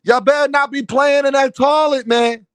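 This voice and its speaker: A man putting on a mocking, high, drawling voice to imitate a whiny, soft-voiced grown man. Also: fairly even intonation, moderate pace, dry recording.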